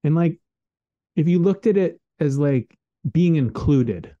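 A man's voice: on the high side, lively intonation, takes it slowly, warm tone, no room sound. A man hosting a podcast, rambling earnestly in casual reflective chat, leaning on "like" and "man". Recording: dull lo-fi dry recording.

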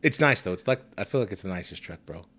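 A man's voice: low-pitched, expressive, fast talker, fairly bright tone. Profane young man telling a story. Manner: profane, storytelling, prone to laughing fits. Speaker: podcast host. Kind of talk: casual chat.

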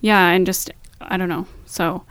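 A pregnant woman in her third trimester, co-hosting a podcast and chatting candidly, telling lively stories with some swearing. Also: on the low side, a little slow, clear, resonant tone. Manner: candid, animated storytelling with swearing. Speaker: podcast co-host. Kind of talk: casual chat.

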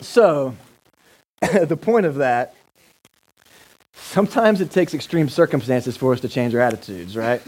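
A man's voice: mid-range voice, lively intonation, unhurried, long pauses, a little mellow, poor audio. A male pastor giving a sermon in a casual, enthusiastic, joking manner.

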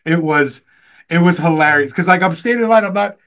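A fairly high-voiced man rambling through convention stories on a podcast, cursing freely. His voice jumps way up when he acts out what he said. Casual, loose chat. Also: brisk. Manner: animated, swearing, loud jumps when quoting himself. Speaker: podcast co-host.

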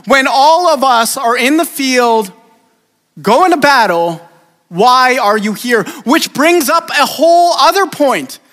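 A man preaching a sermon in a relaxed, conversational way, acting out the people in the story. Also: extremely high pitch. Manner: casual, conversational preaching with acted-out voices. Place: church sanctuary. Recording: church hall reverb.

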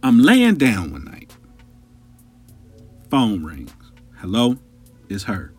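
A man in his thirties telling a long personal story on a podcast, profane and animated, talking straight to his listeners. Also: lowish voice, takes it slowly, pauses often, breathy edge, faint music behind. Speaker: podcast host.

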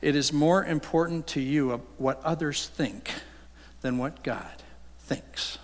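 Earnest pastor preaching in a reverberant church. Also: male voice, fairly high pitch, takes it slowly. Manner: earnest, rises sharply when voicing Jesus' rebukes. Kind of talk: sermon. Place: church sanctuary. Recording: long hall reverb.

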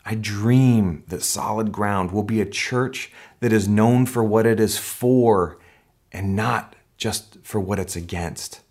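Lower-voiced man preaching a sermon. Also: takes it slowly. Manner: earnest, rising to excited emphasis. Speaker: pastor.

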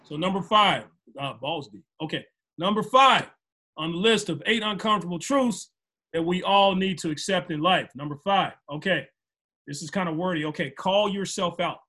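A man's voice: high voice, normal speed, bright, forceful tone. A man hosting a casual talk show, reading out a list and riffing with emphatic, profane, joking remarks. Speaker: host.

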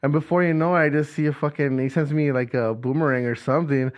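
A man's voice: fairly high pitch, fairly even intonation, quick pace. A young man co-hosting a casual podcast, telling rowdy stories full of swearing and laughter. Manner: profane, laughing storyteller. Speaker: podcast co-host. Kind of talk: casual chat.

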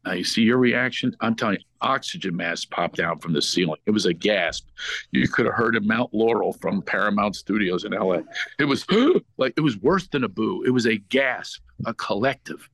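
A middle-aged man from Philadelphia, a comedian, tells his story with a very deep voice. The sound is dry and close, and he keeps slipping into character impressions. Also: moderate pace, no echo, poor audio. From Philadelphia, United States. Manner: animated storyteller who slips into impressions. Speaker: guest comedian. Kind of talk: podcast storytelling.

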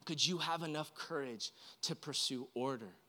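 A man preaching an earnest, emotional sermon to a room, often repeating himself and swinging between loud and quiet. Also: on the high side, normal speed. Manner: earnest, emotional, varies loudness widely, repeats words. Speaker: pastor. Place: room with an audience.

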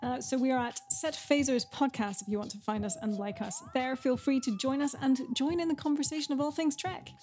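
A woman's voice: sits high, brisk, few pauses, darkish tone, a little hiss or hum. A woman co-hosting a casual podcast, mostly giving short, agreeable replies. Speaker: podcast co-host.

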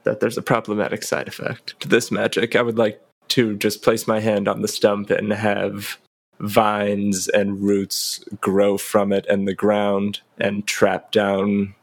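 Low-voiced man playing a tabletop game. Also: monotone, a little slow, gravelly. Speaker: player. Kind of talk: casual tabletop game play.

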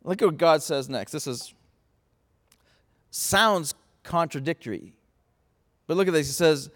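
A man preaching a sermon, passionate, moving from hushed tones to shouting. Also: fairly high pitch, animated, a little slow, long pauses. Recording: long reverb in a large hall.

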